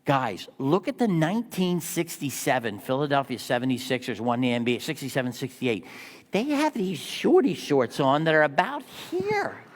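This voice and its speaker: A man's voice: medium pitch, expressive, moderate pace. A man in his sixties preaching a sermon as pastor, telling stories and asking the congregation rhetorical questions. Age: 60s. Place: church sanctuary. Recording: long reverb of a church hall.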